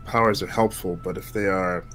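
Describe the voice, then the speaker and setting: A man playing his character in a tabletop game, speaking haltingly and hesitantly. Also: low voice, steady tone, music in the background. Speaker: player.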